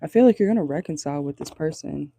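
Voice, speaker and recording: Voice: medium pitch, animated, quick pace, gravelly, dark tone, no echo. A tarot reader giving a casual channeled reading from a car, talking bluntly, swearing and laughing often. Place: parked car.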